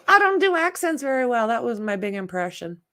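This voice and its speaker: Slightly high and sharp in tone, this woman's voice carries a laid-back true-crime livestream where she chats, welcomes viewers and reads out their comments. Spammers get blunt, exasperated treatment from her.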